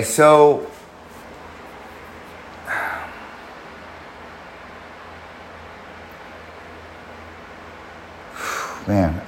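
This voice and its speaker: A man's voice: medium pitch, echoey room, a little hiss or hum, poor audio. A man casually telling a personal story in a rambling way, restarting often and swearing. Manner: rambling, frequent restarts and profanity.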